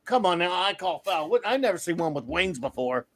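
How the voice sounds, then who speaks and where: A man in his fifties hosting a casual comics talk stream, an animated storyteller who often breaks into laughter. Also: high voice, a little fast. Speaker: comics podcast host. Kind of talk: casual live-stream chat.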